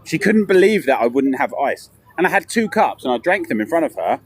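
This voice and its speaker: Man, streaming while he walks city streets. Lively, rambling storyteller, faint traffic under him. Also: mid-range voice, fairly quick. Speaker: vlogger. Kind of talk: casual walking live stream. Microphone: handheld camera while walking.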